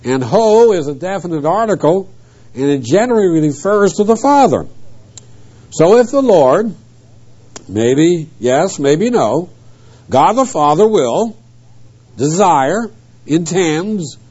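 A man teaches an expository sermon, stressing each Greek word and grammar point with emphasis. His voice sits a little high but sounds mellow and soft-edged. The recording is muffled and lo-fi, like an old tape. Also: breathy edge. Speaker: preacher.

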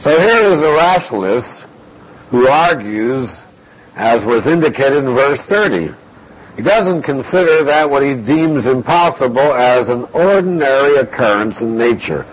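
A man preaching an expository Bible lesson, slow and deliberate, reading scripture aloud between explanations. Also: mid-range voice, lively intonation, slightly rough. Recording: dull lo-fi recording.

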